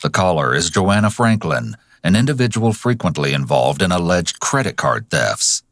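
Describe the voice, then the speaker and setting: A man narrating a true crime documentary in a measured, dramatic way. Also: deep voice, very animated, a bit bright, no room sound, clean studio sound.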